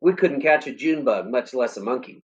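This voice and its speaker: A man's voice: medium pitch, expressive, moderate pace, highs cut off, lightly acted. A man reading aloud as a country boy who earnestly coaxes his hound. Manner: earnest, coaxing.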